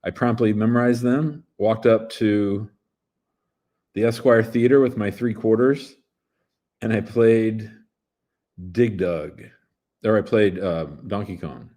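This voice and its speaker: A man's voice: on the low side, slow pace, long pauses, dark tone. A man in his fifties, an immigration lawyer hosting a casual livestream show, talking in a playful, chatty way that jumps between topics.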